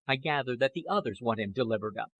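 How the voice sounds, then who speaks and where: A man voicing a cold, scheming man who answers curtly and evasively, in a husky voice. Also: mid-range voice, animated, a bit bright, no room sound, lo-fi sound. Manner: measured, curt replies.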